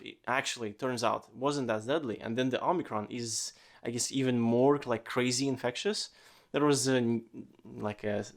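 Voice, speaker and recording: A man hosting a casual solo podcast, rambling with lots of fillers and swearing freely. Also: mid-range voice. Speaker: podcast host.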